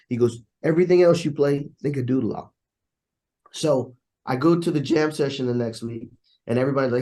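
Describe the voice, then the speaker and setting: A man's voice: mid-range voice, brisk, warm tone. A man, a trumpet player and interview guest, telling stories in casual conversation and acting out the voices of people he quotes.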